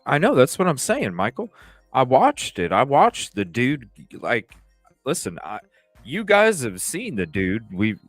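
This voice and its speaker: A man hosting a livestream, telling stories in a rambling, profane, animated way. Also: mid-range voice, measured pace, dry recording, faint music behind. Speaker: livestream host. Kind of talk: casual livestream talk.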